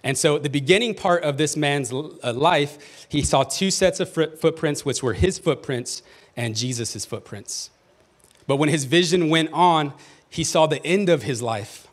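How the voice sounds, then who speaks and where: A male pastor preaching a sermon in church, reading scripture and calling out to the congregation with rising emphasis. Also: on the high side. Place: church sanctuary.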